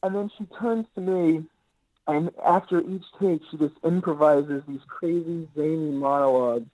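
A man's voice: fairly high pitch, moderate pace, darkish tone, rough recording. A man being interviewed as an actor guest, talking in an easygoing, rambling way with lots of filler words. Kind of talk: casual interview chat.

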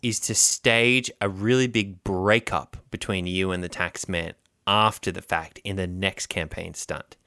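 A man's voice: low-pitched, fairly even intonation, a little slow, few pauses, sharp tone, no echo, clean studio sound. Pompous man in improvised comedy. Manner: pompous, mock-cultured bluster. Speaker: comedy podcast improviser playing a campaign manager.

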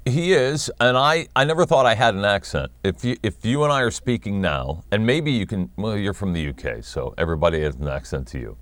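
A man in his fifties with a New York accent, a guest chatting in a relaxed, wry way and laughing often. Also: fairly low pitch, fairly quick, hardly any pauses, no room sound. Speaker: guest, former wrestling announcer. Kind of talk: casual interview chat.

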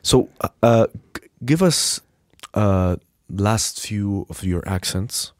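A man with a lowish voice hosts a casual podcast and keeps it playful. He laughs easily and stumbles over repeated starts. The sound is dry and close. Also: expressive, takes it slowly, darkish tone, dry recording. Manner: playful, laughing, stammering restarts. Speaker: podcast host.

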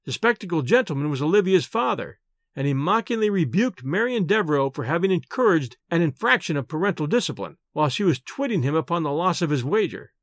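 A man narrating a story in the first person, reading in a measured, expressive manner. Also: a little high, dry recording, clean studio sound. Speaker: audiobook narrator. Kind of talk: scripted narration.

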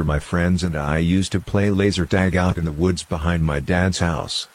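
Male narrator, very low voice, steady measured read for scary stories.

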